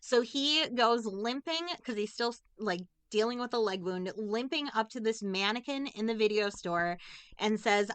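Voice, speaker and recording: A woman's voice: fairly high pitch, expressive, a little slow, fairly bright tone, smooth, no echo. A woman co-hosting a casual movie review podcast, giving an emotional, rambling recap of a film and swearing often. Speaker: podcast co-host.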